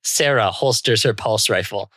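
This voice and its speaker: A man's voice: lowish voice, moderate pace, pushed and bright, no echo, studio quality. A British man improvising a comedic story as podcast co-host, laughing often as he narrates.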